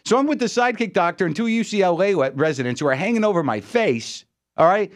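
Animated, exasperated man telling a story. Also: high-pitched, fast talker. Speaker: radio host filling in. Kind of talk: comic storytelling monologue on radio. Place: radio studio.

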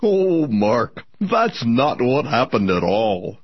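A soft, husky cartoon turtle, kindly and wise, his pitch swinging up and down as he soothes a troubled friend, as a man puts him on. The sound is dry and a little dull, like a lo-fi radio sketch. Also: big pitch swings, takes it slowly, no room sound, heavily acted. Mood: reassuring. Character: kindly male cartoon turtle mentor, gentle.

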